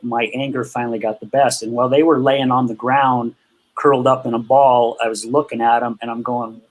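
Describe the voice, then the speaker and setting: A man as a podcast guest, candidly telling a personal story about his past anger and acting out the dialogue with growing emotion. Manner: emotional, acts out quotes with rising pitch.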